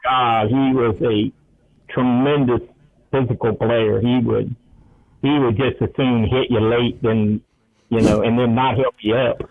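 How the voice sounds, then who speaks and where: A man's voice: mid-range voice, steady tone, unhurried. A man, a radio sports talk co-host, telling chatty football stories and acting out the quotes. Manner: chatty storyteller, acts out quotes. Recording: tinny phone-like radio line.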